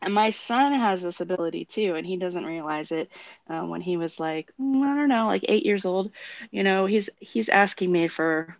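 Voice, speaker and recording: A woman's voice: lowish voice, normal speed, no room sound. A woman co-hosting a casual talk show, telling stories and acting out what others said, laughing often. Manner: storytelling, acts out quoted voices, laughs often. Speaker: co-host. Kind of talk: casual chat. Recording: dull lo-fi sound.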